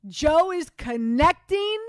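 A woman hosting a sports radio show, chatting in an animated, self-deprecating way with lots of fillers, on a studio microphone. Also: high voice, takes it slowly, dry recording. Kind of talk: casual sports talk chat.

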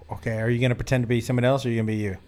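A man hosting a casual talk show, telling a story with lively voiced quotes and laughter. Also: medium pitch, racing. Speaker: host. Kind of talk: casual banter with role-play and storytelling.

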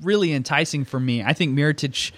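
A man hosting a casual fantasy basketball podcast, brisk and steering the talk. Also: on the high side, a bit bright, breathy edge, no room sound. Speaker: podcast host. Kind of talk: casual fantasy sports chat.

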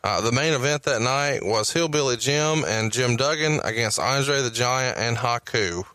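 Southern male podcast host, methodical questioner, crisp forward tone. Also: mid-range voice, normal speed, pushed and bright, dry recording. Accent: Southern US, Alabama. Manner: methodical, reads out dates and questions. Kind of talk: interview with research recap.

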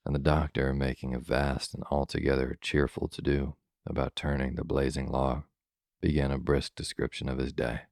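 A man reading a bedtime story aloud in a slow, soothing, measured way. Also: rumbling low, level tone, a little mellow, no room sound, clean studio sound.

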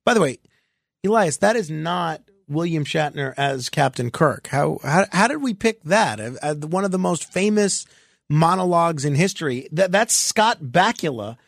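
A man hosting a talk radio show, his voice pitched high for a man with a gravelly rasp at the edges. He comments with sarcasm and mock exasperation and drifts into chatty asides. The studio microphone sound is close and dry. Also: animated, normal speed, no room sound.

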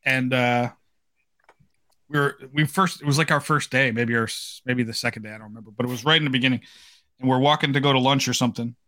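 A man's voice: mid-range voice, fairly even intonation, quick pace, bright, forceful tone. An American man hosting a podcast over a video call, telling rambling stories with frequent laughter. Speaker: podcast host. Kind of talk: casual chat.

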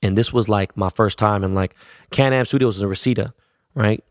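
A man's voice: fairly low pitch, no room sound, clean studio sound. A middle-aged man from Los Angeles, a DJ and producer casually telling a story full of cursing and street slang, acting out the voices of the people in it. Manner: profane, streetwise slang, quotes others in quick voices.

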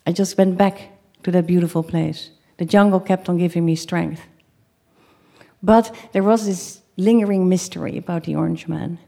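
A woman with a slightly low voice tells a personal story live on stage. She speaks in halting bursts, often repeating or restarting a phrase before going on, and voices her own past cries for help. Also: vocal fry. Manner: acts out her own shouted pleas.

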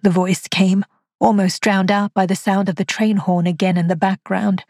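A frail, frightened old spinster tells of her haunted nights, voiced by a woman reading the story. The voice is husky and hushed, recorded dry and close to the mic, in a mid-range tone. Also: mid-range voice, little pitch movement, moderate pace, no echo, lightly acted. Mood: uneasy. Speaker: narrator. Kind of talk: scripted first-person narration.

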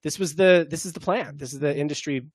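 A man's voice: fairly high pitch, quick pace, slightly rough, no echo, clean studio sound. A young man co-hosting a casual sports chat, reacting to clips with playful laughs. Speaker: co-host.

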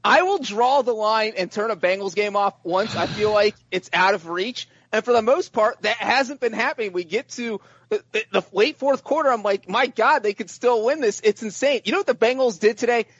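A man co-hosting a podcast, chatting in an animated way and often repeating his first words. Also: high voice, moderate pace, breathy edge, no room sound, lo-fi sound. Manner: animated, repeats words when starting sentences. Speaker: podcast co-host. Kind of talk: casual sports chat.

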